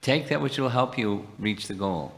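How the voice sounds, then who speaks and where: A man's voice: fairly low pitch, lively intonation, moderate pace, a bit bright. A man leading a devotional class, taking questions and explaining with quoted Sanskrit verses. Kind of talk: devotional teaching and Q&A. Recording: reverberant lecture hall.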